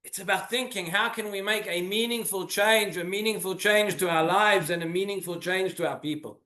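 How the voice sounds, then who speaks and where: Male rabbi, earnest sermon with rhetorical questions; high, bright voice; roomy synagogue echo. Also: normal speed.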